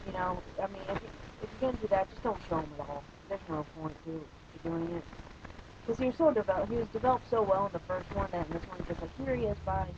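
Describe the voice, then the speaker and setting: A man's voice: high voice, fast talker, lo-fi sound, background noise. A man giving a casual spoken movie review, hesitant and rambling, with many fillers and blunt opinions.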